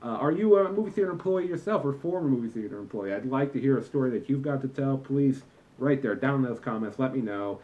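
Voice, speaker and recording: A man's voice: medium pitch, fast, narrow, tinny audio. A young man in a comedic vlog rant about customers, talking in an exasperated, lecturing and emphatic way. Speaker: vlogger, former movie theater employee.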